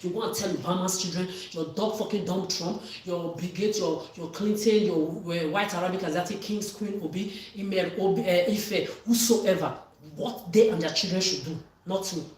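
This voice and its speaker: A woman's voice: on the low side, moderate pace, hardly any pauses, darkish tone. A woman vlogger delivering an angry, accusatory monologue, swearing and often raising her voice. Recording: echoey room, far from mic.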